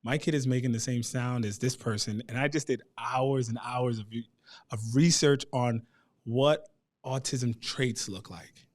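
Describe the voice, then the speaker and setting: A man in his thirties as a guest, telling a personal family story in a lively way and acting out the voices of the people he quotes. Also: medium pitch, a little slow. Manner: animated, acts out quoted voices.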